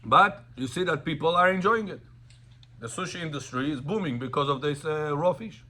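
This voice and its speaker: Rabbi guy teaching a class, kinda high bright voice, quizzing students, telling stories, hopping between languages. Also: moderate pace. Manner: animated storyteller, quizzes students, mixes in Russian and Hebrew. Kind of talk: Torah class on Sabbath laws.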